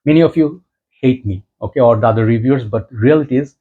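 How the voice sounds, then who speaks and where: A man's voice: mid-range voice, fast. A man, giving a rambling, reflective casual vlog monologue as a fragrance YouTuber. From Bangladesh. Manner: rambling, reflective, animated when telling a story. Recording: dull lo-fi recording.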